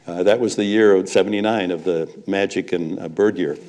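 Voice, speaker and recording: An older man shares stories as a guest at a live event. His voice sits a little low. He tells them like a seasoned raconteur, with a chuckle after each punchline. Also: fairly even intonation, brisk, dark tone. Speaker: guest, veteran sportscaster. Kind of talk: storytelling anecdotes on stage. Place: live event before an audience.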